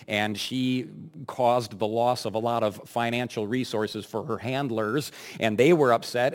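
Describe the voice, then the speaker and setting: Male pastor, mid-range voice, preaches in a chatty, emphatic way with dry asides. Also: mid-range voice. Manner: conversational, emphatic, with wry asides to the congregation. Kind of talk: expository sermon.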